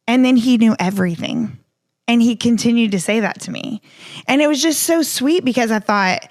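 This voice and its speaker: A woman in her thirties, co-hosting a casual chat about faith and family, earnest and animated, acting out the things people said to her. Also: fairly high pitch, fairly quick, dry recording, clean studio sound. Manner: earnest, animated, acts out quoted remarks. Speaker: podcast co-host.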